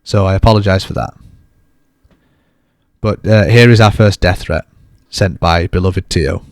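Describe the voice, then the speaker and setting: A man's voice: low voice, measured pace, long pauses, dry recording, clean studio sound. A man co-hosting a podcast, chatting casually in a bantering, self-deprecating way. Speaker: podcast co-host.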